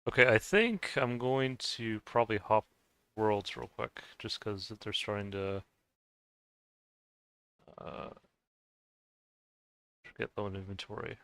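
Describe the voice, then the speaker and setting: Hesitant, bright-voiced man chatting. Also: fairly low pitch, slow pace, vocal fry, long pauses, clean tone, no echo. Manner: hesitant, many filler sounds and restarts. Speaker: gaming video host. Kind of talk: casual chat while playing a game.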